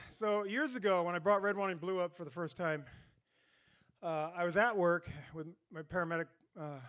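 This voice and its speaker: Winded, joking concert host. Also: male voice, sits high, fairly bright tone. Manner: chatty, joking, rambling banter. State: out of breath. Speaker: venue host and concert organizer. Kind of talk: casual announcements to a live crowd.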